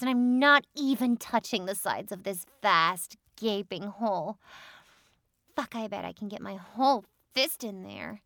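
A woman's voice: fairly high pitch, pushed and bright, no room sound, studio quality, heavily acted. A young woman acting a bossy, taunting role in an adult audio role-play, with a mocking, commanding manner. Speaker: voice actor.

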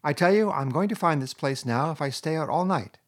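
A man voicing a kindly, brisk male water rat who speaks heartily and encouragingly. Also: on the high side, animated, voice pushed up. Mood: hearty.

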